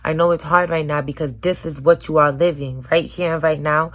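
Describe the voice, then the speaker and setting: A young woman talking earnestly to her viewers in a personal vlog, her voice hoarse from screaming, moving between loud urging and soft near-whispers. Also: sits low, fairly even intonation, fairly quick. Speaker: vlogger.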